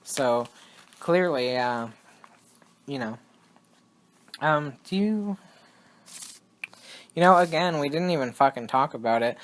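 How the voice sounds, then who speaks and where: A young man co-hosts a casual podcast in a slightly high, animated voice, speaking slowly with long pauses. He rambles, breaks off mid-sentence, and laughs often.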